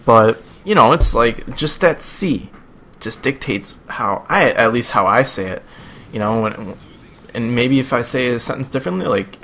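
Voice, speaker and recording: A man's voice: mid-range voice, expressive, normal speed, fairly bright tone. A young man with a Buffalo, New York accent giving casual, rambling video game commentary in a chatty, self-amused way. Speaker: gameplay commentator.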